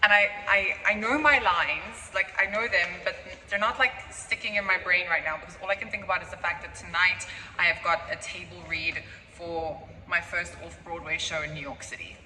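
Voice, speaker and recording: A woman in her twenties from South Africa, rambling excitedly in a casual vlog. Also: on the low side, normal speed. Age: 20s. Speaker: vlogger. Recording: noisy background.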